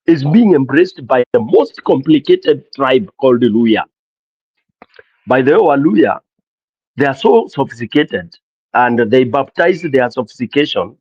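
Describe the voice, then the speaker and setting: A man with a Kenyan accent hosting a casual call-in talk show, animated and mixing English with Swahili. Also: medium pitch, husky, no room sound, dull audio. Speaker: host of a call-in political show. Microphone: streaming mic.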